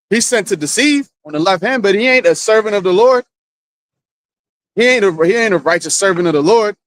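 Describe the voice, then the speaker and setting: A high-voiced man speaks with fervor in a church discussion, firing off rhetorical questions as he rebukes his listeners. His voice sounds close and dry, with no room behind it. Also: no echo. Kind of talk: casual religious discussion.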